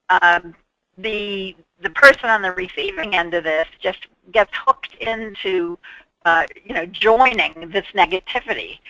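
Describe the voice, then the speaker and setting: A woman's voice: medium pitch, bright, forceful tone, dry recording, poor audio. A woman presenting an instructional webinar on patient care, explaining through worked examples and briefly acting out what people might say.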